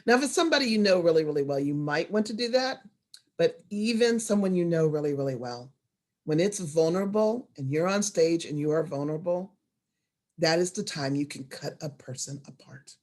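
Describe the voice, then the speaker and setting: A woman presenting an online storytelling workshop over a video call, expressive and animated, moving from hushed asides to loud emphasis. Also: low-pitched, fairly quick.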